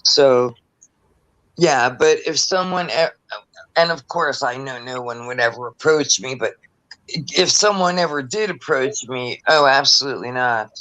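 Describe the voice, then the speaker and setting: Guy talking real slow on a video call, bright voice, lots of ums. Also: mid-range voice, low-quality recording. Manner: rambling and earnest, full of fillers. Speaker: regular in a group live chat. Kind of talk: casual chat.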